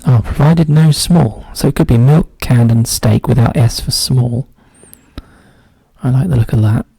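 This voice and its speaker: A man with a dark, gravelly voice talks himself through a crossword. He often trails into a quiet mutter. The sound is dry and close, with no room echo. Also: mid-range voice, steady tone, measured pace. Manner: muses aloud, often drops to a quiet mutter. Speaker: crossword solver. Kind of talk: casual solo puzzle-solving commentary.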